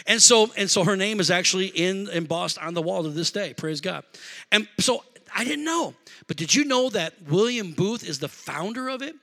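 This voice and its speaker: A pastor preaching a sermon, swinging from shouted calls to the congregation to quiet conversational storytelling. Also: male voice, high voice, animated, moderate pace, creaky. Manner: preacherly call-and-response, shouting and dropping to conversational asides.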